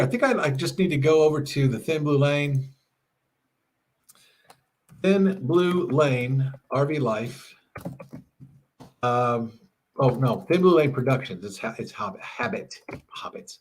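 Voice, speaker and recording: Chatty husky-voiced man reading chat. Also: medium pitch, darkish tone. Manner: chatty, laughs often, reads chat aloud. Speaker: livestream host. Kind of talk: casual live chat reading. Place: home RV.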